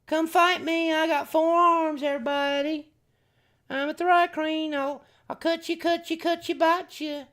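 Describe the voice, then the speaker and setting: A man putting on a high brash four-armed bug warrior. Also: level tone, unhurried, a bit bright. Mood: brash taunting. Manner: brash, taunting, showing off. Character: boastful four-armed male insect warrior.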